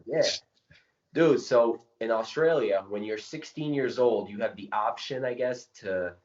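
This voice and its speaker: Podcast co-host, man, low voice, chatty and rambling, dull lo-fi recording. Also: echoey room. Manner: rambling, excitable storyteller. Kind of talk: casual chat. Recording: dull lo-fi sound.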